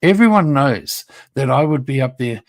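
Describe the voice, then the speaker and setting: A man's voice: mid-range voice, lively intonation, moderate pace. Male streamer mid-rant: confrontational, needling, foul-mouthed, speaks to his rival directly. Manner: confrontational, taunting, profane; talks straight at a rival, repeats himself. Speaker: YouTube livestreamer. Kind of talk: livestream rant.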